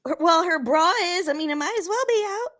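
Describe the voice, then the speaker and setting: Animated high-voiced woman co-host, lively and laughing. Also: a little fast. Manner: animated, bursts into loud laughs, exclaims. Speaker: podcast co-host. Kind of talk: casual chat.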